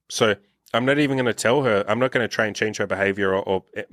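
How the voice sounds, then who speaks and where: A man's voice: on the low side, fast, fairly bright tone, dry recording, studio quality. A man hosting a podcast in casual conversation, talking bluntly with plenty of swearing and acting out the voices of people he quotes. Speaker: podcast host and dating coach.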